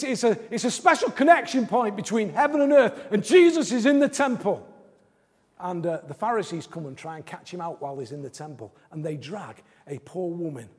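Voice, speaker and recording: High, husky male preacher. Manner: repeats phrases, swings from loud and fast to quiet and slow. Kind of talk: sermon. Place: church service in a large hall. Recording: long reverb of a large hall.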